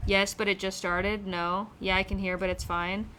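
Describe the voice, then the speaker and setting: A woman chats on a casual livestream from outdoors on a windy day, speaking close into a phone microphone. She answers viewer questions in a loose, rambling way, swears freely and restarts her sentences often. Her pitch sits in the middle for a woman. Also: level tone, moderate pace, bright, forceful tone.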